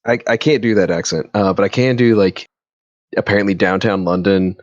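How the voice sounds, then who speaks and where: A man with a very low voice chats casually on a podcast. He rambles and restarts his sentences, and the sound is dry and close. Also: fairly quick, no echo, dull audio. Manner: rambling, restarts often, trails off. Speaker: podcast co-host. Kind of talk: casual chat.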